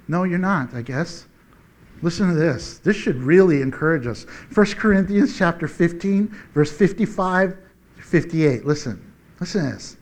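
A male pastor preaching a sermon, telling stories with playful sound effects and slowing down to read scripture. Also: high voice, animated. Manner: slows down for scripture reading.

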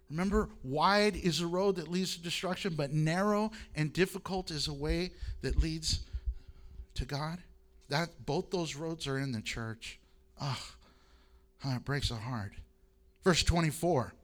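A male pastor preaching a sermon, reading scripture aloud and moving between loud emphasis and quiet asides. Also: on the high side, lively intonation, measured pace.

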